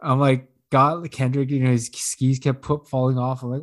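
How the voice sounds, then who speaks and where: Man, casual chat, rambling story, swears a lot, laughs often, mid-pitched voice. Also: level tone, normal speed. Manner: acts out quotes in a higher voice.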